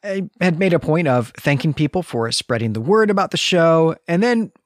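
A man's voice: a little high, expressive, moderate pace, dry recording, clean studio sound. A man co-hosting a podcast, who reads a passage aloud and then discusses the writing in a thoughtful, analytical way. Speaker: podcast co-host. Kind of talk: literary discussion with read passage.

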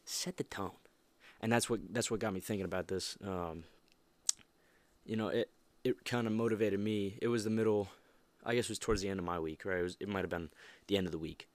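A man's voice: lowish voice, brisk, no echo. A young man hosting a motivational podcast, talking casually and emphatically with many restarts and fillers. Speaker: podcast host.

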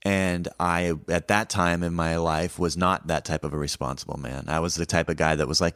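A man, a comedian, telling a story about life on tour in a relaxed, wry way, acting out the lines he quotes. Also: low voice, normal speed, few pauses, clean tone, dry recording, clean studio sound. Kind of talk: casual podcast storytelling.

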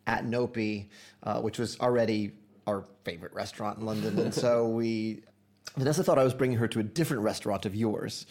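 A man, a guest at a brunch in a home kitchen, telling stories in an animated way. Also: on the low side, a little fast. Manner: animated storyteller. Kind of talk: casual chat over brunch. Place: house kitchen.

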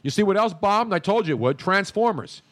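A man's voice: high-pitched, a little fast, no echo. A man hosting a casual sports talk show, joking and emphatic as he rattles off opinions. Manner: animated, jokey, emphatic. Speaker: radio show host.

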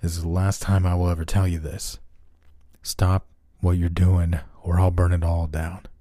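A man puts on a menacing double, a villainous other self in a horror story. He speaks quietly and threateningly, sometimes close to a whisper, in a deep, dark voice recorded dry. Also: level tone, normal speed, no room sound, natural voice.

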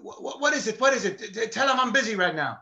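A man's voice: high-pitched, lively intonation, fairly quick, pushed and bright, pitched above the performer's own voice. A man voicing a flustered police lieutenant who stammers in a raised, strained voice.

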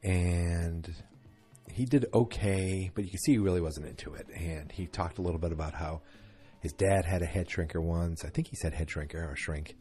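A man's voice: low-pitched, moderate pace, warm tone, breathy edge, soft background music. A tired man yawning through a chatty, rambling late-night recap of a TV episode, full of fillers.

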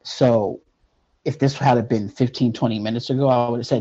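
A man telling a personal near-death story in an earnest, halting way, with many fillers. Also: medium pitch, steady tone, warm tone, highs cut off.

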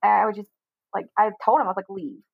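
A woman's voice: mid-range voice, flat delivery, rapid-fire, creaky, breathy edge, no echo. A young woman telling a personal story as an interview guest, candid and rambling, with "like" in almost every sentence. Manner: candid, rambling, heavy use of "like". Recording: dry, phone-like narrow sound.

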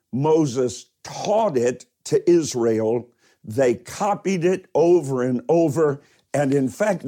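A male pastor delivers a livestreamed sermon at an unhurried, deliberate pace. His voice is dark and mellow, and he presses hard on key words and drawn-out phrases. He breaks off now and then to greet viewers by name. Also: a little high. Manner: emphatic preaching, stretching key words slowly.

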